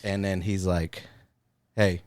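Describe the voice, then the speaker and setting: A man's voice: low voice, normal speed, no echo, studio quality. A man in his forties co-hosting a podcast, chatting casually and acting out voices as he tells family stories. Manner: animated storyteller who acts out quoted voices. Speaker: podcast co-host. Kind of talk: casual chat.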